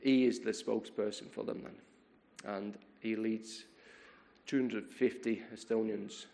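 A man preaching a sermon, retelling a story in a lively way, often repeating words and restarting his sentences. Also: lowish voice, a little slow, gravelly.

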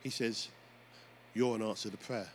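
A man preaching a sermon as pastor, telling stories with lively energy and calling out to the congregation. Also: fairly low pitch, moderate pace. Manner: animated storytelling preacher, often addressing "folks". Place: church. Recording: faint background noise.

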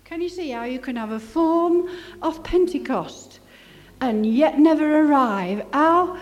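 An older woman, preaching a testimony sermon, rambling and halting, then rising to fervent exclamations. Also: high-pitched, expressive. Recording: long hall reverb.

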